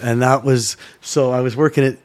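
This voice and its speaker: A middle-aged man from Canada, a former sports broadcaster, telling a story in a casual chat, animated and swearing freely. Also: medium pitch, normal speed. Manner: animated, swearing, acts out voices in his stories.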